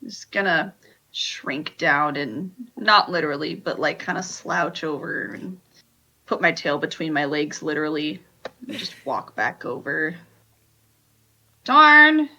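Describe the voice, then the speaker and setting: Bright-voiced, giggly woman player. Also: low voice, unhurried, rough recording. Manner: giggly, playful. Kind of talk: playing a tabletop game, casual chat.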